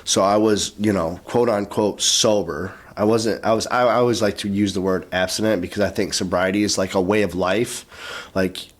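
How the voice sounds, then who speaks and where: A man, a podcast guest, telling his story casually and acting out what others said in lively bursts. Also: on the low side, moderate pace. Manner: animated, acts out quoted voices.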